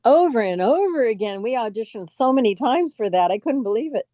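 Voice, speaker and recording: A woman's voice: fairly high pitch, lively intonation, fairly quick, dry recording. Chatty older woman telling stories. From California. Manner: chatty, laughs often while telling stories. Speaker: guest actress. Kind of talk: casual interview chat. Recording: dull, dry lo-fi sound.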